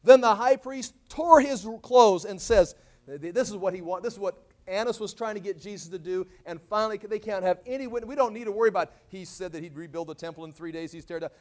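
A man's voice: quick pace, hardly any pauses. A man teaching a sermon verse by verse, casually explaining and acting out quoted lines in dramatic voices. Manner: animated, acts out quoted lines with big swings in pitch and volume. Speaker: Bible teacher. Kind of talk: expository sermon.

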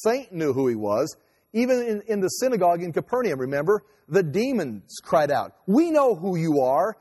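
Man, pastor, sermon, higher-pitched voice, lively asides, long hall reverb. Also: husky. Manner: conversational, animated preaching with quick asides.

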